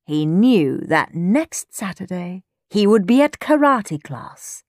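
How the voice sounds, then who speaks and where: Woman reading a kids story, high voice, slow, dry close sound. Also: dry recording. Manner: expressive, acts out the characters.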